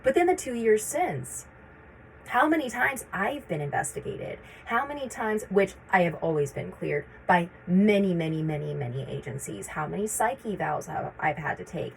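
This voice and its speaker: A woman's voice: on the low side, animated, normal speed, vocal fry, slight background noise, rough recording. A woman in her thirties telling a personal story to camera, urgent and repetitive as she relives her anxious thoughts. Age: 30s. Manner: urgent, repeats herself, voices her own anxious thoughts. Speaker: vlogger sharing her experience.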